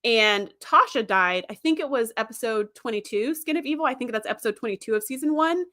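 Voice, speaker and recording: Woman livestream host, casual fan commentary, animated and chatty, fairly high bright voice. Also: brisk. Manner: animated, chatty, laughs often.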